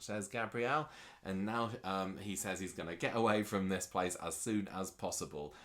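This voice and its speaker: A man's voice: deep voice, moderate pace, fairly bright tone. A man co-hosting a podcast, recapping a soap in casual, rambling chat with many ums and restarts. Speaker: podcast co-host.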